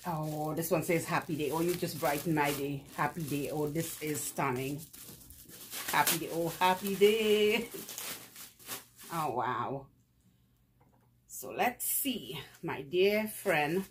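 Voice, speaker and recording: Vlogger, woman, deep and unhurried, effusive chatter, laughs a lot, light background hiss. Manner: effusive, repeats praise words, laughs often. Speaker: vlogger opening fan mail. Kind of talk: casual unboxing chat.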